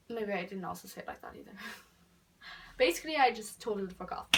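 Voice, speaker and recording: A teenage girl telling a story in a casual vlog, chatty and full of fillers, dropping to whispers and then bursting out loud. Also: medium pitch, fairly quick, vocal fry, far from the mic, heavy background noise. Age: teens. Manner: chatty, filler-heavy, swings between whispered asides and loud outbursts. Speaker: vlogger.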